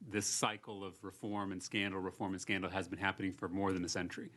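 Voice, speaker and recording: A man's voice: deep voice, level tone, fast talker, fairly bright tone. A man, a state legislator, making earnest, rhetorical remarks and asking questions at a committee hearing.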